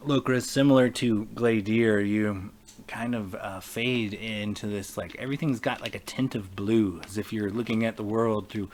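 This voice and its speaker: Man game master narrating, rather low voice. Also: fairly even intonation, normal speed, darkish tone, slight background noise. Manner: descriptive, loose, many fillers and restarts. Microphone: online voice chat.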